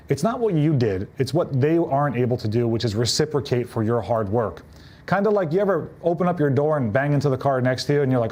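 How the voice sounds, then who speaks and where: A man with a fairly high-pitched voice coaches real estate agents in a live talk. His delivery is punchy and direct, and he slips into quick little impressions of clients to drive each point home. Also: animated, darkish tone. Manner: punchy, acts out quoted clients in changed voices. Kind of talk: live motivational business talk.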